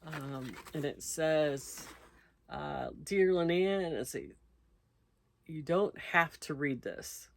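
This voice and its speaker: A woman's voice: deep voice, very slow, gravelly. A woman hosting a crochet channel, chatting casually as she opens mail, reading out notes and thanking the senders. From United States. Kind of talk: casual unboxing chat.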